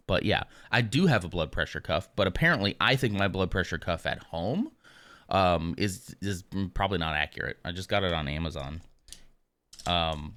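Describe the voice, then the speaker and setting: Male streamer, deep voice, dry close mic, open and rambling as he talks to chat. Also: a bit bright, no echo. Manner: candid and rambling, full of asides. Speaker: live streamer. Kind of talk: casual chat.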